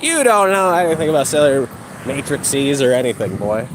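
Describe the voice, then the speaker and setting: A man's voice: medium pitch, very animated, fairly quick, background noise. A man ranting and mocking his critics with heavy profanity while he exercises outdoors. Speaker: livestreamer.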